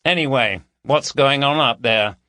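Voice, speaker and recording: A man's voice: medium pitch, a little slow, sharp tone, no echo, pitched above the performer's own voice. A man voicing a cheeky, boisterous male friend from London, full of laddish banter. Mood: teasing.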